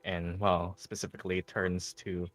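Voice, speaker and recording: A man running a tabletop game as game master, narrating in a relaxed, halting way with fillers. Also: low voice, faint music behind, rough recording.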